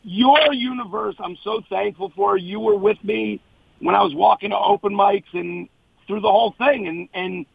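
A man's voice: high voice, normal speed, creaky, slightly rough, no room sound, muffled recording. A male comedian guest in casual chat, talking in an earnest, emotional, rambling way.

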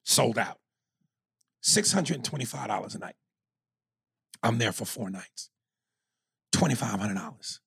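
A man from New York telling a long, profane story on a podcast, animated and acting out quotes. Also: mid-range voice, a little slow, creaky, pauses often, slightly rough, no echo. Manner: animated, swears freely, acts out quotes. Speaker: podcast co-host.

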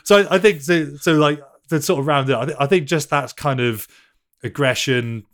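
A man in his thirties, a podcast guest telling casual stories in an animated way, swearing freely and laughing as he talks. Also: fairly high pitch, brisk. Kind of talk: casual anecdotal storytelling.

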